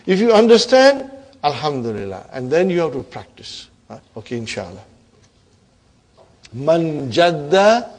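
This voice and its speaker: A middle-aged male Arabic teacher with a slightly high voice lectures his class in plain, encouraging English. He quizzes the students often and says Arabic phrases slowly and deliberately. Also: darkish tone.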